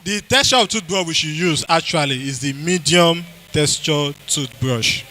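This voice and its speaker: A man's voice: fairly high pitch, moderate pace, pushed and bright, poor audio. A man with a Nigerian accent giving a health talk to a church congregation, quizzing the audience and repeating key phrases. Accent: Nigerian English.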